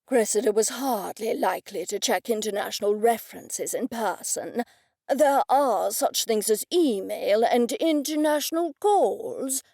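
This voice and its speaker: A woman's voice: medium pitch, lively intonation, a little slow, mellow, no echo, studio quality. A woman voicing a pompous, sarcastic older male earl who talks in a haughty, stern way.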